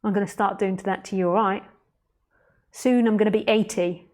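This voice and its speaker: A woman's voice: medium pitch, steady tone, normal speed, a little mellow, close to an everyday voice. A cheeky grumpy old dog, as a woman puts her on. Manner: blunt and dismissive.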